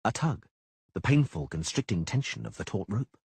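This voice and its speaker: Husky man narrating an audiobook. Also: lowish voice, fairly quick, no echo. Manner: dramatic, lively reading. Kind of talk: scripted narration.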